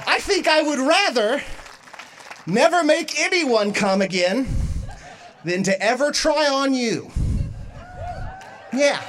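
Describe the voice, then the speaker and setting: A woman on stage doing stand-up, her voice leaping up and down as she tells a story. She laughs through her own lines and bursts into shouts for the punchlines, with a bright, high-pitched delivery. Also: a little hiss or hum. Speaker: stand-up comedian.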